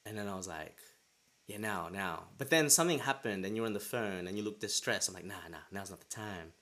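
A man's voice: lowish voice, animated, brisk, fairly bright tone. A young man hosting a podcast, telling a personal story in a rambling way with many restarts. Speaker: podcast host. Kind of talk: casual chat.

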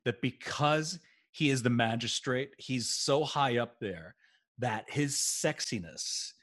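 A middle-aged man co-hosting a casual rewatch podcast, jokey and quick to laugh. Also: mid-range voice. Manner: animated, laughs often, jokey. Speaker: podcast co-host and former series actor.

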